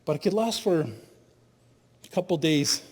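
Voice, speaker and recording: A middle-aged man giving an animated storytelling talk as a spiritual leader at a conference, laughing at his own stories. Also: fairly high pitch, slow, slightly rough. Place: conference hall. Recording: long hall reverb.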